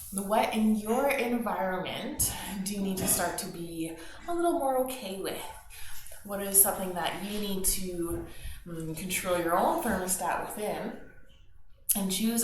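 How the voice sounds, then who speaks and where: Brief: gentle, encouraging woman guiding a yoga class, very roomy echo, faint background noise. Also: mid-range voice, lively intonation, moderate pace. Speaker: yoga instructor. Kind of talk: guided yoga class instruction. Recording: very echoey room with faint noise.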